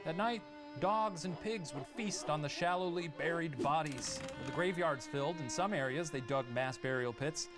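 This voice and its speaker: A man's voice: on the high side, normal speed. A man hosting a comedic history quiz, narrating with theatrical flair and putting multiple-choice questions to his guests. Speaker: quiz show host. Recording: music bed behind the voice.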